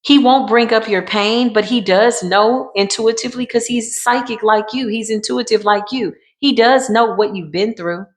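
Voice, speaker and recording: A woman gives an intuitive tarot reading in a loose, chatty way. She repeats phrases for emphasis and calls her listeners y'all. Her voice sits at a middle pitch for a woman. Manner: emphatic, repetitive, colloquial, addresses viewers as y'all. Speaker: tarot card reader.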